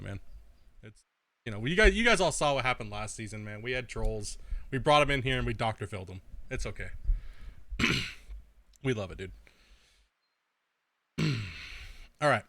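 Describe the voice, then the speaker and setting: A man's voice: mid-range voice, bright, forceful tone, no echo. Brash, profane young man streaming. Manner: profane, trash-talking, laughing often; rambling, full of filler words. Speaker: game streamer. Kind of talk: casual live-stream chat.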